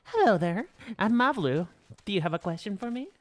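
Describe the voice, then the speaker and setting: Guy reading chatty alpaca rancher lady, bouncy pitch, little stumbles. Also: sing-song, a little fast. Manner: reading game dialogue aloud with stumbles. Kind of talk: casual dialogue read-along. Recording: faint background music.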